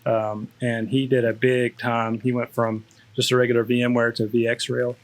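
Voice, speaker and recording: A man's voice: medium pitch, flat delivery, normal speed. A man, a school district network specialist, chatting casually with many restarts and fillers. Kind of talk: casual chat.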